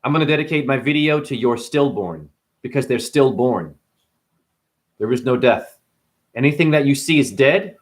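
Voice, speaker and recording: A man hosting a casual spiritual monologue, animated and profane, full of rhetorical questions. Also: mid-range voice, normal speed. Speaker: host.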